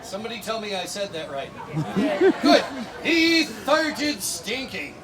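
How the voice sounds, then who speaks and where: High-voiced man telling a rowdy tale. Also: big pitch swings, measured pace. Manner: rowdy, bantering with the audience. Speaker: comic storyteller at a fair. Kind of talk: live comedic storytelling with spoonerisms. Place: outdoor stage at a fair. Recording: live outdoor show with crowd noise.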